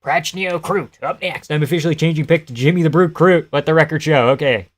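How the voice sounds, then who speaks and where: A man's voice: fairly high pitch, fast. A man doing casual live-stream fight commentary, joking, swearing freely and answering chat as he goes.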